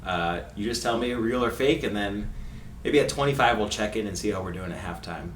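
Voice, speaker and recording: A man's voice: fairly low pitch, fairly quick. A man co-hosting a soccer podcast in a casual, chatty way, laughing often. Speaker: podcast co-host. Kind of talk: casual chat. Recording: roomy echo, distant mic, faint hiss.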